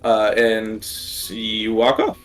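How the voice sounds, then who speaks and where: A man narrating as game master in a tabletop game, halting and quick to laugh. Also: on the low side, animated, faint music behind.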